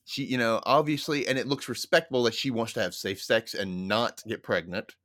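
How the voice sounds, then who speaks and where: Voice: medium pitch, a little fast, a bit bright, no room sound, clean studio sound. A podcast guest in casual chat, talking loosely with lots of "like" and "you know.".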